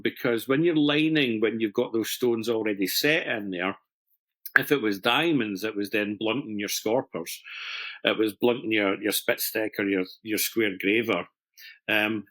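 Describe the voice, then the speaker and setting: A man's voice: fairly low pitch, a bit bright. A middle-aged man, a master stone setter explaining a jewellery technique in chatty, self-deprecating conversation, with restarts and fillers.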